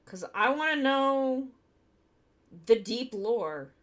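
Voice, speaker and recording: Lively, unhurried woman streamer chatting. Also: high-pitched. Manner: chatty, thinking aloud while working with her hands. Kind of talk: casual live-stream chat while building a model kit.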